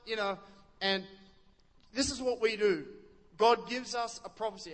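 Speaking a little slowly with long pauses, this high-voiced pastor has a fairly bright tone that fills a large hall. His sermon is chatty, with frequent questions put to the congregation and plenty of restarts.

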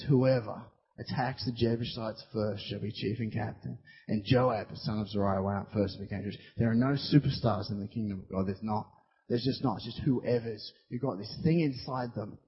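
A man preaching a sermon in a church hall, impassioned, swinging between loud declarations and hushed asides. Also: medium pitch, slightly rough. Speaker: pastor. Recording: dull recording in a long-reverb hall.

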